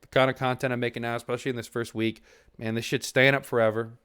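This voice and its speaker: A man's voice: medium pitch, level tone, fast, fairly bright tone, clean tone. A young man streaming from his desk mic, talking earnestly and at length to his chat, with restarts and the odd swear word. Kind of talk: reflective casual talk to a stream chat. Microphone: desk mic at a computer.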